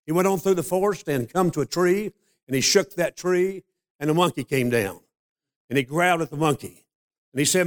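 An older man preaching a sermon, a folksy storyteller who slows down to stress scripture. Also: on the high side. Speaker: pastor.

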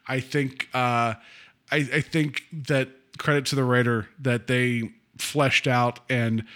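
Chatty man talking casually. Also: medium pitch. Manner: chatty, quotes others in animated voices. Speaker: podcast co-host. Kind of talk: casual chat.

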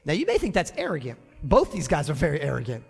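A male pastor preaching a sermon in a church sanctuary, animated and conversational with touches of humor. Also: on the high side, fast talker, gravelly, husky, in a large hall, soft background music.

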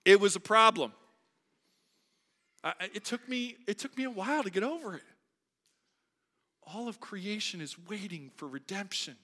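A man preaching a sermon as a pastor, moving between quiet reflection and loud, emphatic delivery. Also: high-pitched, animated, moderate pace, pauses often. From United States. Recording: long hall reverb.

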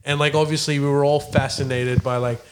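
A man's voice: medium pitch, flat delivery, fairly quick, a little hiss or hum. A man telling a story in casual chat with friends, laughing often and mimicking the people he describes.

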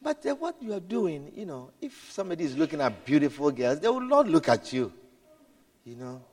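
A man preaching a sermon, swinging from hushed storytelling to shouted exclamations, repeating words and adding hallelujah and amen. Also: on the high side, sing-song, fairly quick. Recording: long hall reverb.

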